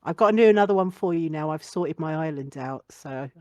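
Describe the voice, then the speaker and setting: A woman's voice: low-pitched, lively intonation, fairly quick, warm tone, no echo. A young woman chatting as a podcast guest, blunt and sweary, laughing often. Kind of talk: casual podcast chat.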